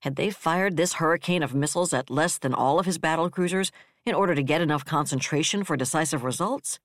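Audiobook narrator reading sci-fi, steady and even, super dry close sound. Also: medium pitch, fairly quick, no echo.

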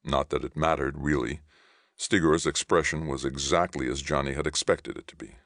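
A man narrating a science fiction novel aloud in an even, unhurried reading. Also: very deep voice, dry recording, clean studio sound. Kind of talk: scripted audiobook narration.

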